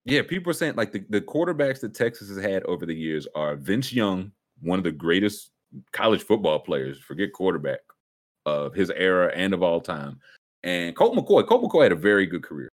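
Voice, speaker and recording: A man hosting a casual sports talk show, animated and joking, jumping between thoughts. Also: low voice, normal speed. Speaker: sports podcast host.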